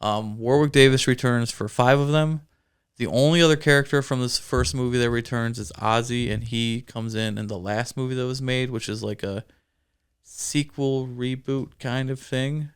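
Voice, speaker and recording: A man's voice: medium pitch, fairly even intonation, moderate pace, smooth. A man co-hosting a casual movie review chat, laughing easily as he talks. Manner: chatty, laughs often. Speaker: podcast co-host.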